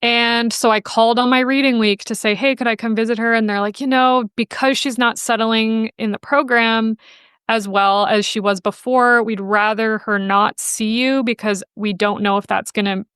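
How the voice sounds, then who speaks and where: Podcast guest, woman, higher and smooth, chatty storyteller who acts out quotes, dry close mic. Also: steady tone, normal speed, fairly bright tone, no room sound. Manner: chatty and emotional, quotes people in playful voices. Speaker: podcast guest, animal welfare researcher. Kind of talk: casual interview storytelling.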